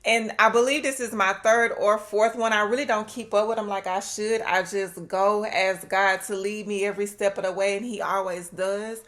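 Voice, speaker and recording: A woman's voice: medium pitch, fairly even intonation, moderate pace, hardly any pauses, fairly bright tone. A woman with a Southern US accent, talking candidly and from the heart to her vlog audience at home, recorded on a laptop mic. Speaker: vlogger. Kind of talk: casual talk to camera. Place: at home, indoors. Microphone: laptop built-in mic.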